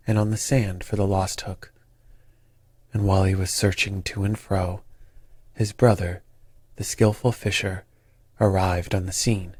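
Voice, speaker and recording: Low, husky male sleep-story narrator. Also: a little mellow, no room sound. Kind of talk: calm bedtime story narration.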